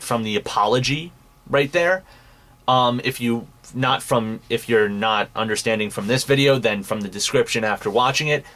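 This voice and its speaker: A man's voice: mid-range voice, a bit bright. A young man hosting a commentary show, ranting angrily with heavy swearing and mocking scorn. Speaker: commentary podcast host. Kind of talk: angry profane commentary.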